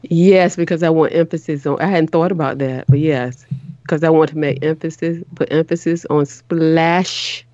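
Her low, dark voice holds a steady tone at normal speed as this middle-aged host chats casually on a call-in show. She speaks earnestly but keeps restarting and repeating, and the lo-fi recording is dry.

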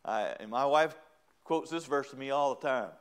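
A middle-aged man delivers a sermon in a folksy, funny style, voicing small quoted characters and building to loud, emphatic praise. His voice sits in the mid range, his pace is moderate, and the sound is clean.

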